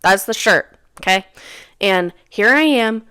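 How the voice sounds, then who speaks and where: A woman's voice: medium pitch, lively intonation, unhurried, pushed and bright, clear, resonant tone, no room sound, clean studio sound. A young woman hosting a podcast, telling a personal story in a casual, rambling way and often repeating her own phrases. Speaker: podcast host.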